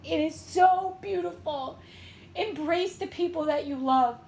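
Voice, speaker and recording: A woman tarot reader and medium giving an emotional, tearful reading with a slow, pleading delivery. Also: very high voice, gravelly, darkish tone, reverberant.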